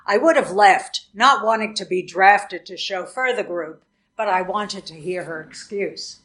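A woman's voice: mid-range voice, unhurried, fairly bright tone. Wry woman narrating in a roomy echo. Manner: wry, sardonic. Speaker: audiobook narrator. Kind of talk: first-person fiction narration.

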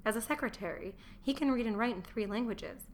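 A woman reading the lines of a meek young Roman wife who is anxious to please her husband, in a mild, soft-spoken manner, as an audiobook character voice. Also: a little high, fairly quick, a little hiss or hum, natural voice.

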